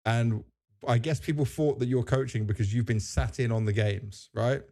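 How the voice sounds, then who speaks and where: A man's voice: medium pitch, fairly even intonation, moderate pace, gravelly, darkish tone. A man hosting a casual podcast, chatty and joking as he leads the conversation. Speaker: podcast host.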